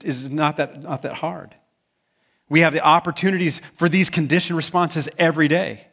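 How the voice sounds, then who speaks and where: A pastor preaches a sermon conversationally, asking his congregation questions and acting out the quoted voices in his stories. His voice is a little high and a bit bright.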